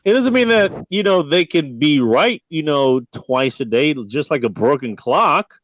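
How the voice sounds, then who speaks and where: A male livestream host chats loosely, swearing a lot and laughing often. His voice sits a little high and swings widely in pitch. The mic sounds dull and lo-fi, with a dry, close sound. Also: animated, unhurried, fairly bright tone, no room sound. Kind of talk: casual livestream chat.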